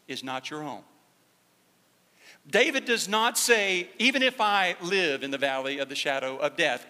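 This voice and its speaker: A male pastor preaches in a bright, forceful voice that sits a little high for a man. He drops to hushed, slow emphasis, then climbs to loud, fervent peaks. His words ring out with the long reverb of a church sanctuary. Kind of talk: sermon.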